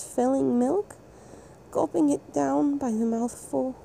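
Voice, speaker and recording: A woman voicing a doting, motherly furry cow-woman creature in an intimate adult audio role-play, speaking softly and soothingly with a breathy coo. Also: sits high, slight background noise, full character voice. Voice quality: soft, cooing and breathy. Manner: slow, soothing and affectionate, hushing often.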